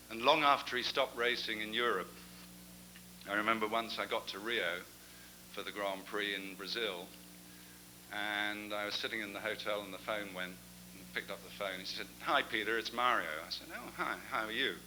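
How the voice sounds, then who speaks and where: A man's voice: fairly low pitch, normal speed, long pauses, noisy background. A man giving an after-dinner talk as guest speaker, a chatty storyteller with self-deprecating asides. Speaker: guest speaker at a club gathering.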